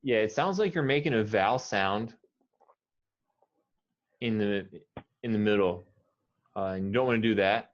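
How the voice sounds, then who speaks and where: A patient American man coaching pronunciation, repeating words slowly and clearly for his student. His voice sits fairly low, and the audio comes through dull and muffled. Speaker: English pronunciation teacher. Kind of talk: one-on-one pronunciation lesson.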